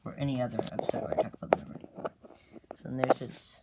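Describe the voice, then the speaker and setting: A storyteller rambling casually through a made-up comic plot, with fillers and quick character voices. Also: mid-range voice, little pitch movement, whispered.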